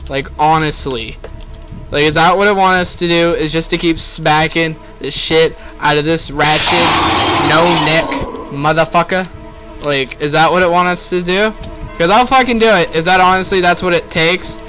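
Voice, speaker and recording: A man's voice: on the high side, fairly even intonation, normal speed, bright, forceful tone, faint music behind. Exasperated young man swearing at a game. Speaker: gaming video host. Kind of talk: let's play commentary.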